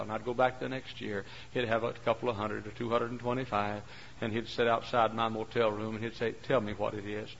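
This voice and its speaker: A man preaching a sermon, telling stories and acting out their characters, his voice rising to shouts. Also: medium pitch, gravelly, slight background noise. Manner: acts out characters, climbs to shouts. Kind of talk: animated sermon storytelling. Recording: dull lo-fi sermon recording.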